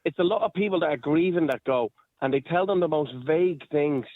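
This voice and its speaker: A man's voice: on the high side, a little fast. An Irish man calling in to a radio show, blunt and cynical, swearing as he talks. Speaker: caller. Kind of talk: radio phone-in chat. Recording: phone line.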